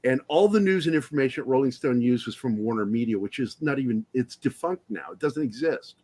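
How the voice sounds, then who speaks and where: A man's voice: mid-range voice, animated, brisk, warm tone. Fired-up, swearing male podcast guest. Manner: heated, swearing, rambling with restarts. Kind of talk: casual movie-review chat.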